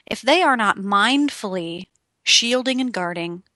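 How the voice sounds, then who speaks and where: Bright, emphatic young woman giving a talk. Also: medium pitch, unhurried, dry recording, studio quality. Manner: emphatic, animated, addresses the listener directly. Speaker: motivational speaker. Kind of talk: direct-to-camera motivational talk.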